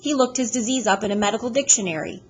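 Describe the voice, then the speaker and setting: A woman reading as a gentle, frank woman doctor. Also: on the high side, fast talker, slight background noise, pitched above the performer's own voice, natural voice. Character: weary caring woman doctor. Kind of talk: audiobook character voice.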